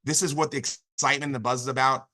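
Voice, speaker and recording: A man giving an enthusiastic motivational business pitch on a video call, telling a long story with lots of "literally" and "you know". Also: steady tone, fast talker, pushed and bright. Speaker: business opportunity speaker.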